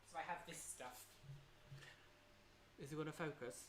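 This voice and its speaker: A live streamer in casual chat, reading and answering viewer questions, chatty and excitable, humming little tunes between answers. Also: mid-range voice, background noise. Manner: chatty and excitable, hums filler tunes, laughs often.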